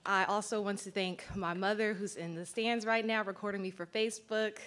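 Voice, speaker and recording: A young woman, newly graduated from medical school, gives a grateful match day speech. Her voice is bright and forceful, and she pauses often between the names she thanks. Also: mid-range voice, fairly even intonation. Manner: grateful, emotional thank-yous.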